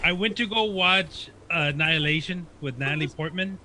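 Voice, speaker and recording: A man's voice: on the high side, a little fast, pushed and bright, slight background noise, poor audio. A man teasing and laughing as a podcast guest in casual banter.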